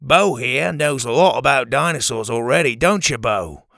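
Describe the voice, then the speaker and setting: A man's voice: medium pitch, expressive, normal speed, creaky, bright, forceful tone, dry recording, studio quality. A man voicing a handsome, cheery adult male camp counselor with a thick accent in an audiobook. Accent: thick unnamed accent.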